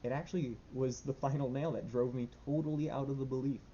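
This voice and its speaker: A man's voice: steady tone, fast, mellow. A young man rambling nervously in a casual diary vlog, with lots of fillers and restarts. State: anxious. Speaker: vlogger. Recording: dull lo-fi with faint rumble.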